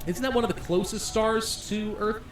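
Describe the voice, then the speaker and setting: A man playing a game on video, excitedly reading its story text aloud and reacting with laughs. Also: high voice, normal speed, reverberant, recorded from a distance. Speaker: gaming YouTuber.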